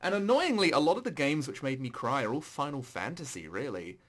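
A man in casual chat about video games, animated and swearing, his voice jumping high when excited. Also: fairly quick.

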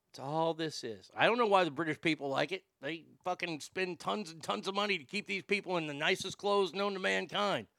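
A man hosting his own podcast, reading listener mail in a profane, excitable, rambling way. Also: fairly high pitch, dry recording, studio quality. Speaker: podcast host.

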